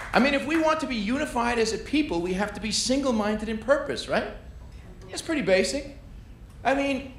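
On a comedy club stage, a male New York comic with a high-sitting voice delivers a brash stand-up set, needling the audience and playing off them. Loud crowd noise fills the echoey room.

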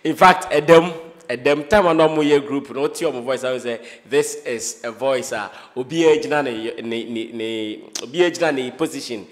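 A man's voice: mid-range voice, moderate pace, few pauses, long reverb tail. A man with a Ghanaian accent hosting an interview, upbeat and casual, slipping Twi phrases into his English. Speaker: show host.

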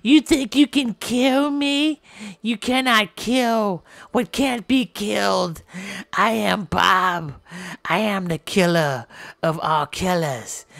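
A woman voicing Bob, a brash, boastful and violent male game character, taunting in slang and shouting when fighting. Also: medium pitch, creaky, dry recording. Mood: screaming furious, then menacing. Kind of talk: game machinima voice acting.

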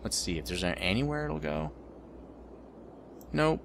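A man's voice: a little high, lively intonation, a little slow, vocal fry, background noise. A man rambling through let's play commentary as the host of a gaming channel, joking about his own mistakes.

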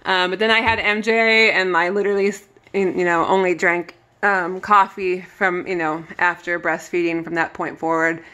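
A woman's voice: fairly low pitch, level tone, normal speed, pushed and bright. A woman in her thirties chatting casually to viewers as she walks through her home kitchen, laughing often. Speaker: vlogger giving a kitchen pantry tour. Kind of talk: casual home vlog chat.

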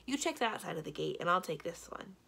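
A confident, decisive young princess who takes charge, as a woman reads her. The voice is low-pitched and slightly husky, with a lively rise and fall. It sounds like a storybook read aloud. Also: a little fast, exaggerated voice. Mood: brisk, confident.

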